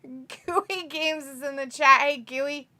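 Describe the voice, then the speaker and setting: A woman's voice: sits high, slow, pushed and bright. A woman, co-hosting a wrestling watch-along, reading chat messages aloud, teasing and laughing often.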